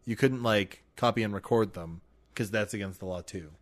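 A man co-hosting a casual podcast chat, trading dry deadpan quips and quick agreements. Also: on the low side.

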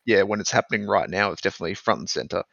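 Male co-host, very gravelly and bright, dry close sound, lo-fi. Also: lowish voice, animated, rapid-fire, dry recording. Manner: blunt, swears freely, joking. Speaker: podcast co-host. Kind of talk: casual chat.

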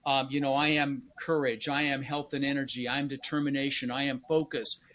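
A middle-aged man being interviewed as a real estate coach, speaking emphatically with repeated phrases and bursts of loud, punchy delivery. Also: medium pitch, little pitch movement, fairly quick. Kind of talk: motivational interview talk.

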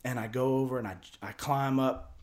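A man telling a wild story in casual talk, rambling and profane with lots of fillers and restarts. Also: moderate pace. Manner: drops low and quiet for tense parts, gets loud and high for excited quotes. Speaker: storyteller guest.

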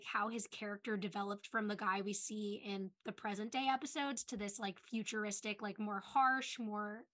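A young woman co-hosting a podcast, chatting casually and retelling a TV episode in a quick, chatty way full of "like"s. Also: medium pitch, pushed and bright. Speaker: podcast co-host. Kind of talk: casual chat recapping a TV episode.

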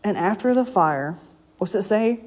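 A woman's voice: mid-range voice, animated, a little slow, darkish tone. A woman preaching a casual, story-filled sermon. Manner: conversational storytelling, laughs often. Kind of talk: informal sermon.

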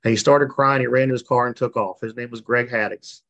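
The speaker is a middle-aged man sharing his recovery story in a personal testimony at a recovery meeting, heard over a video call with dull audio. He talks briskly in a steady, mid-range voice that's a bit bright, earnest and emotional, with frequent repetition.

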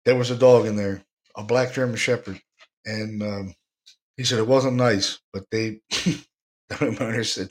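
A man's voice: on the low side, fairly even intonation, normal speed. A man hosting a podcast, telling a ghost story in a rambling, laid-back way and chuckling now and then. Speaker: podcast host, paranormal investigator. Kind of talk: casual storytelling.

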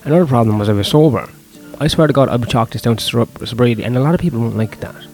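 A man's voice: medium pitch, rapid-fire, a little mellow. A young man, a stand-up comedian talking through his gigs in a casual, profane, self-deprecating ramble, with faint music behind him. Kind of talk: casual vlog monologue.

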